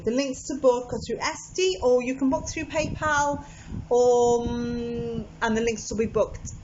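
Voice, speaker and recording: Giggly british-born lady doing a home tarot reading, bit high voice, muffled lo-fi sound. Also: a little mellow, a little hiss or hum. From United Kingdom. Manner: chatty, giggly, repeats herself. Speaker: tarot reader. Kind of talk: casual pick-a-card tarot reading. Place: warm room at home with a fan running.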